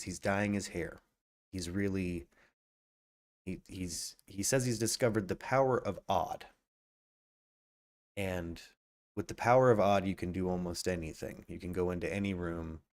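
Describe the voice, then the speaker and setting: A man hosting a live true crime podcast stream, reading facts aloud and breaking off to chat casually with viewers. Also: deep voice. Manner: reads facts aloud then riffs casually, greets chat viewers, many restarts. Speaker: podcast host.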